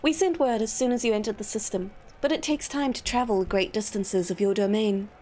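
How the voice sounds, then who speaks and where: A woman's voice: medium pitch, a little fast, darkish tone, slight background noise, lightly acted. A woman voicing a villain-coded male secretary who speaks with formal, fawning politeness in a raised voice. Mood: smooth.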